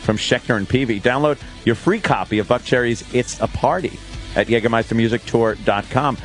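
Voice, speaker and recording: A man's voice: mid-range voice, a little fast. Brash male radio host, jokey live reads, faint music under him. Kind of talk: live ad read and banter.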